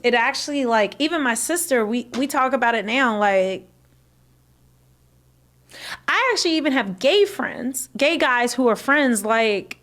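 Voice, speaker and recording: A woman's voice: on the high side, fairly bright tone. A woman from the American South chatting casually on a livestream, rambling with many fillers and restarts.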